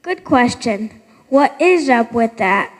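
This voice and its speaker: A woman plays a villager in a church pageant, reasoning earnestly. Her voice is high and rings through a reverberant sanctuary. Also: lively intonation, slow.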